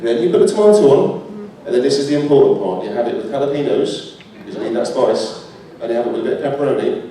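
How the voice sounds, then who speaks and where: A man's voice: mid-range voice, warm tone, a little hiss or hum. British man chatting in an echoey hall. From United Kingdom. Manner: chatty, laughs often. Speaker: convention panel guest, actor. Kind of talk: live panel Q&A. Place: large convention hall. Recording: echoey hall, mic from far.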